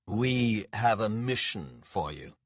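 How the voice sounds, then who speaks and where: Gruff, impatient dwarf lords bark and curse with open contempt, as a man reads them. The voice is husky and low, recorded close and dry like an audiobook studio. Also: animated, slow pace, dry recording, heavily acted. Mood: scornful. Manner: loud, swearing and scornful. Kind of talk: audiobook character voice.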